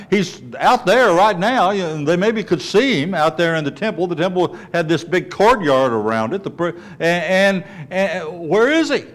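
A man teaching a conversational Bible lesson, explaining and often checking in with the class, thinking aloud with restarts. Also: fairly high pitch. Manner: explains and asks the class, with frequent checks of "okay?".

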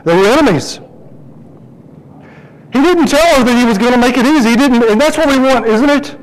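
A middle-aged man preaching a sermon and telling a personal story, lively and animated, his voice jumping high as he quotes himself. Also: a little fast, rough recording. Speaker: pastor.

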